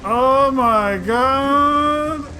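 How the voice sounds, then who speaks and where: A man giving excitable, profane gameplay commentary, often breaking into loud outbursts, over game music. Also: extremely high pitch, drawn-out words, a little hiss or hum. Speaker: let's play host.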